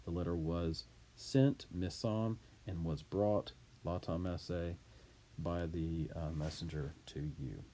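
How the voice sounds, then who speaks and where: A man teaching Latin, reading a text aloud and explaining it deliberately, word by word. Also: deep voice, fairly even intonation, warm tone, a little hiss or hum.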